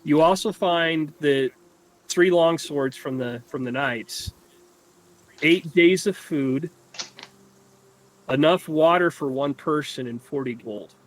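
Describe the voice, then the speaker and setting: A male game master narrates a tabletop game at a slow, unhurried pace. His voice sits fairly high for a man. He stops often to search for words.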